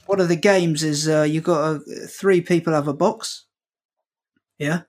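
A man's voice: on the high side, measured pace. A man, a comedy guest, telling a comic anecdote with lots of swearing and voices for the people in it. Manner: animated, quotes people in voices; swears freely.

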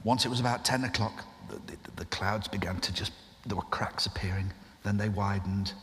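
A man, a guest impressionist, telling an animated anecdote on a festival stage in front of an audience. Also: on the low side, brisk. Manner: animated storyteller, restarts. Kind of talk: live podcast anecdote. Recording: live hall reverb with faint noise.

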